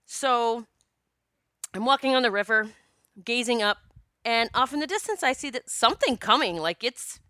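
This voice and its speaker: Bright, clear-voiced woman telling a story. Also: a little high, moderate pace, long pauses, no room sound, clean studio sound. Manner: animated, swearing, laughing storyteller. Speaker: author and speaker. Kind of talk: casual storytelling.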